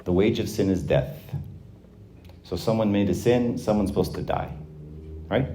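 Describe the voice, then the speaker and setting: Low, dark-voiced man in his forties giving an informal faith talk. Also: normal speed, slight background noise. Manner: conversational, acts out quoted voices, frequent fillers and restarts. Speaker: speaker addressing young people.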